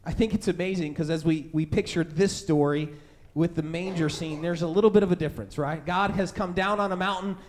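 A man's voice: a little high, fairly even intonation, brisk, hardly any pauses. A man preaching a sermon in a conversational way, telling a childhood story and acting out the voices of scared people. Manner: conversational, many fillers like "right?" and "like". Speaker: pastor.

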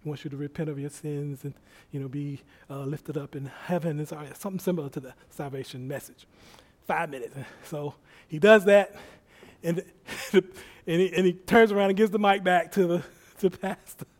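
High-voiced man telling a sermon story. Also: normal speed. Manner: animated, acts out quotes, laughs often. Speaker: preacher.

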